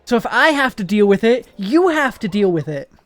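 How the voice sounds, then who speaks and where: A male streamer talks casually through a game, tossing off wry jokes. His voice sits high for a man. Faint game music plays underneath. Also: very animated, normal speed, fairly bright tone, no room sound. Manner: joking, wry asides. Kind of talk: casual gameplay commentary.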